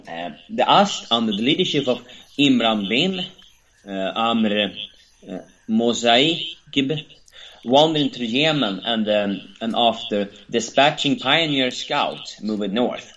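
A man co-hosting a talk show, reading a history text aloud in a halting, hesitant way, with many fillers and stumbles over names. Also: mid-range voice, expressive, fairly bright tone, low-quality recording. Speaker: podcast co-host.

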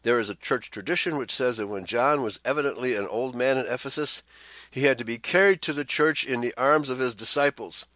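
A man with a bright, clear-toned voice reads a church-history passage aloud and keeps breaking off for quick asides of his own. He is recorded dry and close, with no room sound. The pitch sits in a middle range. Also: dry recording. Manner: reads passages with side remarks and frequent "uh" fillers. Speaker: co-host of a Bible study show. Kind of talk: reading a text aloud with commentary.

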